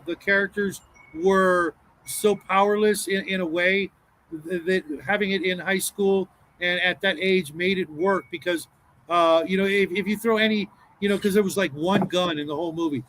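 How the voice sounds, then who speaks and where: A man's voice: sits high, fairly even intonation, normal speed, fairly bright tone, low-quality recording. A man in casual chat about tabletop games, rambling and restarting his sentences often. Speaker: podcast panelist.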